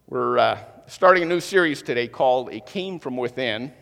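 A man preaching a sermon in a casual, conversational way, with lively asides and quick impressions of people. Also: gravelly. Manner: animated, conversational, mimics moviegoers in higher voice. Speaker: pastor. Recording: long hall reverb.

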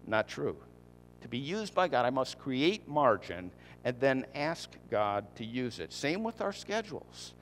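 A man's voice: mid-range voice, big pitch swings, a little slow, a little hiss or hum. Conversational male pastor preaching in a hall. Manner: conversational preaching, repeats key points, rhetorical questions. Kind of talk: sermon.

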